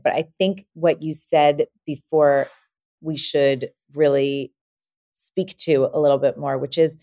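Deep-voiced woman podcast host, dry sound. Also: darkish tone, no echo. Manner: reflective, thinks aloud, builds on guest's points. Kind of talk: conversational podcast interview.

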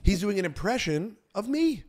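Animated, teasing male podcast host. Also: high voice, moderate pace. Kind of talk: casual chat.

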